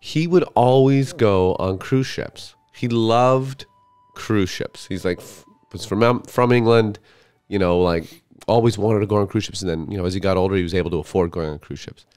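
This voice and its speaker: A man with a somewhat low voice chats casually as a podcast guest. He tells his stories in a loose, rambling way, full of fillers and restarts. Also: normal speed, darkish tone, clean tone. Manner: rambling storyteller, many fillers. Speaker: guest comedian.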